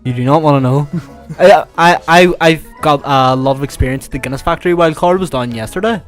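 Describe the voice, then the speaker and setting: A man's voice: fairly high pitch, brisk, faint music behind. A young man on a comedic radio show, agreeing in a mock-grave, solemn tone for laughs. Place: radio studio.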